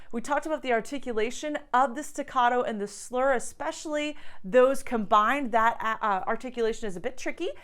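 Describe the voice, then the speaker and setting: High-voiced woman teaching piano. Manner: encouraging, explains step by step. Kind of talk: piano tutorial. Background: piano playing.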